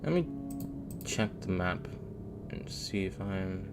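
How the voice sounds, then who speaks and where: A man's voice: low voice, expressive, slow. A man streaming a video game, muttering casual commentary to himself, jumpy and nervy as he plays. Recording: faint game music behind.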